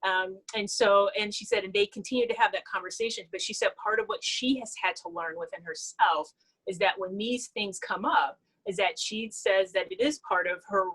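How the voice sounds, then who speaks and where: A woman hosts a discussion and affirms her guests warmly in words. She tells stories in an easy, conversational way. Her pitch is mid-range, and she speaks over a video call. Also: moderate pace, husky, low-quality recording. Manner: affirming, anecdotal storytelling. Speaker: host.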